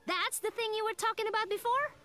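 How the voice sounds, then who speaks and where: A woman voicing a brisk young heroine in a video game who urges her companions on. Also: very high-pitched. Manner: brisk, urging remarks. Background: game music.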